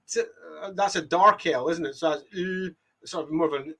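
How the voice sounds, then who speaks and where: Bright-voiced chatty Scottish man. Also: a little high, sing-song, fairly quick. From Scotland. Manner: chatty and self-deprecating, laughs often. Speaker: game writer and streamer. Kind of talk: casual talk while mapping, reading viewer comments.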